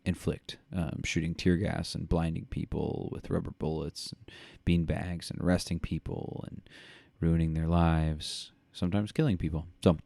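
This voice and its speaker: Man, podcast co-host, low gravelly voice, dark tone, rambling commentary. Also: level tone, moderate pace, few pauses, dry recording. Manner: rambling, reads news aloud with many fillers.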